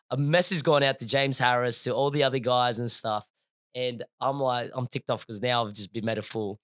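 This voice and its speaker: A young adult man, a podcast co-host telling a story in casual, slangy chat, animated and laughing as he goes. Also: mid-range voice, moderate pace, clean tone, no room sound, clean studio sound.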